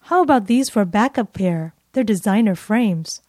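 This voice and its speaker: A woman's voice: medium pitch, expressive, moderate pace, dark tone, dry recording, studio quality, natural voice. A woman voicing a bossy shopping companion in a scripted dialogue, teasing and pushy.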